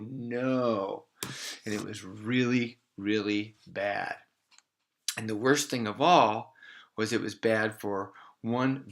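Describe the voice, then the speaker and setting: A man telling an improvised children's story in an animated, playful way, slowing down to stress words. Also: fairly low pitch. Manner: animated, playful, slows for emphasis.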